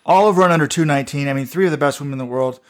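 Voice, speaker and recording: High-pitched guy cohosting a podcast, excitable, laughs a lot. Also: very fast. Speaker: podcast co-host. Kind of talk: casual chat.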